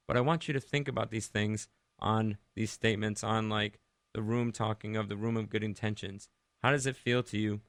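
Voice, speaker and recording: A man's voice: fairly low pitch, fairly bright tone, dry recording, studio quality. A man from Rhode Island hosting a Christian radio show, talking conversationally, asking listeners many questions and leading a prayer. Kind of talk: devotional radio talk and prayer.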